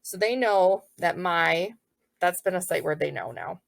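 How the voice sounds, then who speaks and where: Chatty low-voiced woman teacher, gravelly. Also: a little slow, no room sound. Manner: chatty, upbeat, acts out child voices and praise. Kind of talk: casual teaching explanation.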